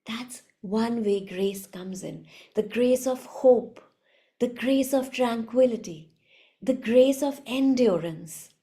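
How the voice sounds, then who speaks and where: A woman giving a reflective spiritual talk as a teacher, soft-spoken and unhurried. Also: fairly high pitch.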